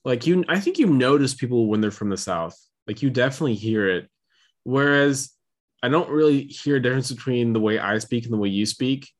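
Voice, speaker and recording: Guy from missouri on a podcast, mid-pitch voice, rambles and restarts a lot, chatty. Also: lively intonation, brisk. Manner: rambling storyteller with frequent restarts. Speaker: podcast co-host. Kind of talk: casual chat.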